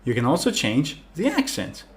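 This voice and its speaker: Lively high-voiced male English teacher. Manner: clear, deliberate, demonstrates words slowly. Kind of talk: online lesson explanation.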